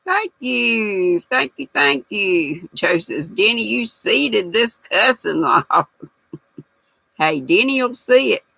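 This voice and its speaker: A woman's voice: medium pitch, lively intonation, slow pace, gravelly, pushed and bright, breathy edge, no echo, rough recording. An older woman hosts a casual livestream, reading out viewer comments in a chatty, folksy manner. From United States. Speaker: livestream host reading chat. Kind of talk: casual chat.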